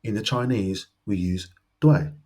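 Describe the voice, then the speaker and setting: Man, language teacher, methodical explaining, lowish voice, unhurried delivery. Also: dark tone. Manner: careful, methodical explaining with worked examples. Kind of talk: grammar lesson narration.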